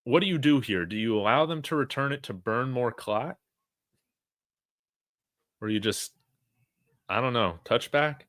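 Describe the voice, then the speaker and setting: A man giving live play-by-play reactions as a fan, reading chat comments aloud and shouting on big plays. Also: mid-range voice, expressive, a little slow, pauses often, dry recording, clean studio sound. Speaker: fan watch-along commentator.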